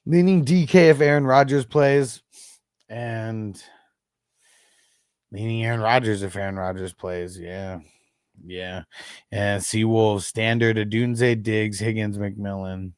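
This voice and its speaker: Man in his thirties, gravelly voice, dry close sound, laid-back profane livestream chatter. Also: fairly low pitch, takes it slowly, no room sound. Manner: casual, laughing, profane, chatty. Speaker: fantasy football livestream host. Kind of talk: casual live-stream chat.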